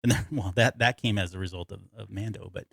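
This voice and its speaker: A man with a lowish voice chats casually as a podcast co-host. He rambles, restarts his sentences and laughs easily. The sound is dry and close, with no room in it. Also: quick pace, vocal fry, slightly rough, no room sound. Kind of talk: casual chat.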